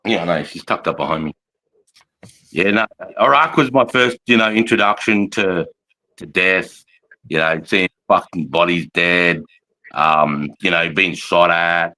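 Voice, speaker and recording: Aussie bloke in his 40s telling army stories, lowish voice, swears constantly, rambles, keeps laughing. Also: unhurried, pushed and bright. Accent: Australian. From Australia. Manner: profane, rambling, laughs often. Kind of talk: casual storytelling chat.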